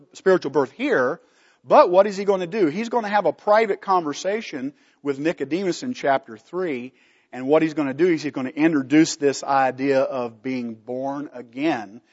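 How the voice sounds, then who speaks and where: A man's voice: a little high, normal speed, in a large hall, highs cut off. A man teaching a Bible study from slides, emphatic, putting questions to the class and answering them himself.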